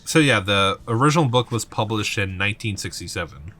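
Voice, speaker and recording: A man's voice: lowish voice, animated, a little fast, sharp tone. A man co-hosting a let's play, chatting casually about games with lots of fillers, restarts and swearing. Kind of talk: casual chat while gaming.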